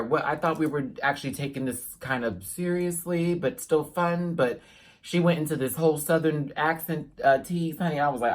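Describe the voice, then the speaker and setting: A man giving a casual reaction review to his viewers, animated and sassy, with playful asides. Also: on the high side, moderate pace. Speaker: YouTube reviewer.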